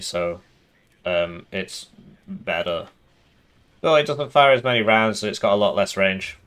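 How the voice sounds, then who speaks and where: A man giving casual game commentary, sarcastic and rambling in a deadpan way. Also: sits low, clean tone. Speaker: gaming YouTuber.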